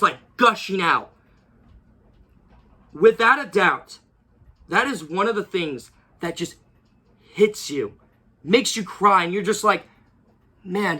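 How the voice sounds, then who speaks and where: A man's voice: high-pitched, sharp tone. A young man giving a casual, rambling movie review, gushing and repeating himself with many fillers.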